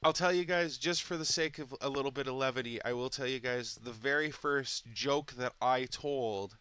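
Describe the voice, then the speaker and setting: A man's voice: medium pitch, bright, forceful tone, clear, resonant tone, dry recording. A man hosting his own channel, chatting in a rambling, candid monologue that often stops and restarts. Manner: chatty, self-interrupting, candid. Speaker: channel host.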